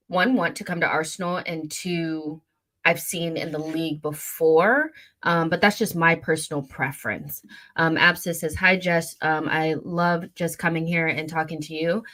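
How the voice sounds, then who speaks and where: A woman's voice: deep voice, fairly even intonation, measured pace, fairly bright tone. A young woman hosting a casual fan livestream, rambling and chatty with lots of fillers as she reads out viewer comments. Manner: chatty, rambling, many fillers and self-corrections. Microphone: studio mic at a desk.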